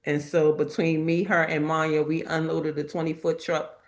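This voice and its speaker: A woman with a somewhat low voice hosts a casual live chat. She tells stories with energy and puts on the voices of the people she quotes. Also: moderate pace. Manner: lively storytelling that acts out quoted people. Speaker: host.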